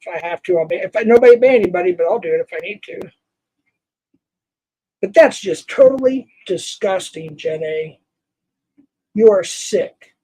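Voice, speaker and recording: An older man hosting a livestream, scolding a viewer in a heated, halting rant full of restarts. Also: sits high, dark tone, husky, low-quality recording. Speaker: livestream host. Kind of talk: angry livestream rant to chat.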